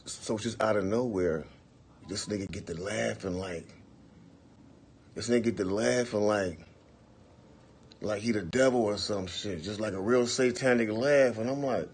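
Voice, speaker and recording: A man in his forties telling a long, profane story on a livestream, acting out the quotes in bursts of loud, animated talk. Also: medium pitch, slightly rough. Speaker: livestream host. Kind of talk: casual storytelling.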